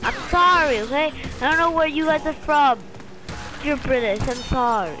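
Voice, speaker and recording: A woman giving excitable gameplay commentary, talking to herself and swearing as she plays. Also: sits high, normal speed. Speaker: gamer. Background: game music.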